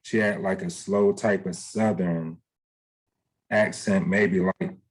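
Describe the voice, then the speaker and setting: A man's voice: low voice, steady tone, slow pace, slightly rough, poor audio. A man giving a casual spiritual reading as a psychic medium, talking hesitantly and rambling with many fillers.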